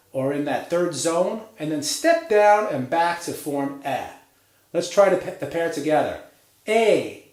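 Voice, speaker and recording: A man teaching a pronunciation lesson, drilling vowel sounds slowly and cheering the learners on to repeat after him. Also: a little high, a little mellow, roomy sound. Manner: slow, drawn-out drilling of vowel sounds with encouraging prompts.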